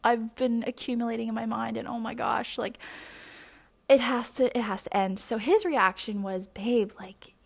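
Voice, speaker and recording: A woman's voice: a little high, moderate pace, gravelly. A young adult woman hosting a podcast, talking candidly and at length about herself in a rambling, confessional way, with plenty of fillers and restarts. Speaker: podcast host. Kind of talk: personal confessional monologue.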